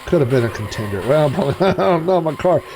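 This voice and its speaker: A man's voice: a little high, lively intonation, fast, music in the background. A middle-aged man streaming retro racing games, chatting in a rambling way and cracking dad jokes. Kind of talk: casual live-stream commentary.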